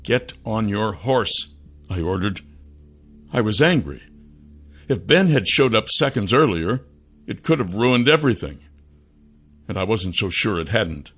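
A man narrating a first-person adventure novel in an expressive storytelling manner. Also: fairly low pitch, unhurried, long pauses, slightly rough, faint music behind. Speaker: audiobook narrator.

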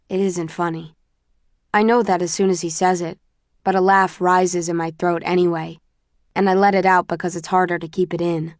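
An audiobook narrator, a woman whose voice sits low for a woman, reads a first-person novel in a measured, introspective, flat manner. The recording is close and dry, with no room echo.

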